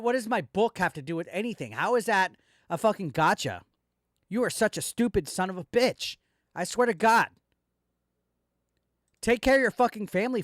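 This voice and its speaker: A man's voice: sits high, a bit bright, no echo, studio quality. A man hosting a commentary video, ranting angrily and swearing constantly as he speaks directly to a rival. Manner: profane, heated ranting addressed straight at a rival. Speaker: commentary channel host. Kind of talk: angry reaction commentary.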